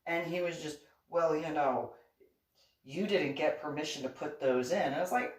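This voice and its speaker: A woman vlogger telling a story in a casual monologue, indignant and animated, acting out the dialogue. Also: low-pitched, normal speed. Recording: roomy echo, voice far from the mic.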